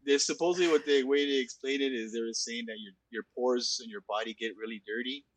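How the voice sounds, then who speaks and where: A man's voice: medium pitch, steady tone, breathy edge, no room sound, poor audio. A man in his forties, a veteran, recounting memories in casual chat, often stopping and restarting his sentences. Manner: halting, repeats and restarts. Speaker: military veteran.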